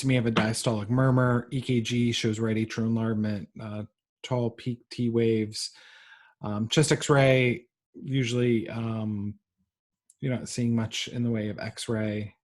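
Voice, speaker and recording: Halting man lecturing. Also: mid-range voice, fairly even intonation, darkish tone. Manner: halting, frequent ums and uhs. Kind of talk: recorded medical lecture.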